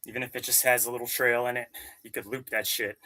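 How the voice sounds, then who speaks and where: A man's voice: mid-range voice, little pitch movement, quick pace, pushed and bright. A young man from Maryland talking casually and profanely while working out, rambling and answering his live chat. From Maryland, USA. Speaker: fitness vlogger. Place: home gym.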